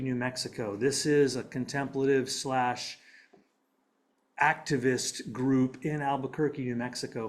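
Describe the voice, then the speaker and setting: Man giving a relaxed conversational talk. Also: mid-range voice. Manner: conversational, self-deprecating, with frequent fillers and restarts. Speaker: philosophy lecturer. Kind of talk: public talk with slides.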